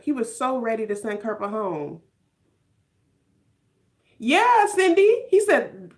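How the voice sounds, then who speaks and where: Animated woman live-streaming show reactions. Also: on the high side, slow, long pauses. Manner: animated, laughing, reading viewer names aloud. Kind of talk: casual live-stream commentary.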